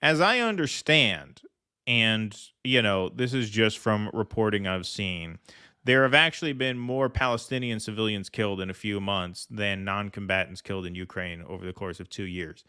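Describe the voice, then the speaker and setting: A man's voice: fairly low pitch, normal speed, pushed and bright, clean tone. A man hosting a casual political commentary stream, blunt, sarcastic and profane. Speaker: host.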